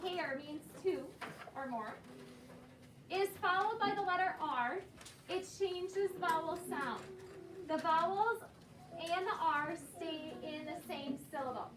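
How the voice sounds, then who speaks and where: Woman, teacher, very high voice, patient classroom prompting, recorded from afar, room noise. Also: takes it slowly. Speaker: second grade teacher. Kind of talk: classroom phonics lesson. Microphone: far camera. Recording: echoey classroom, far from the mic, with room noise.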